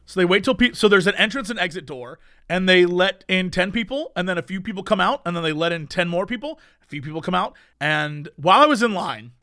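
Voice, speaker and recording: A young man telling a story in casual podcast chat, lively and acting out quotes in voices. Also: sits high, fast talker, hardly any pauses, clear, resonant tone, no echo, clean studio sound. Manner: animated, acts out quotes in voices.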